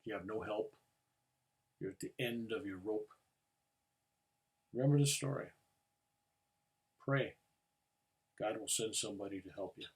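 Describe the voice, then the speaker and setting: An older man, a reverend, telling a personal testimony in an earnest storytelling way that rises to loud urgency. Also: fairly low pitch, flat delivery, fairly quick, husky.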